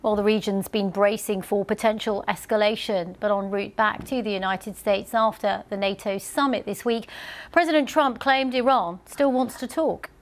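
Woman, news anchor, measured scripted delivery, mid-pitched voice. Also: fairly even intonation.

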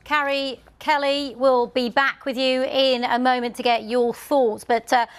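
A woman news anchor reading scripted headlines in a measured, even delivery. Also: sits high, smooth.

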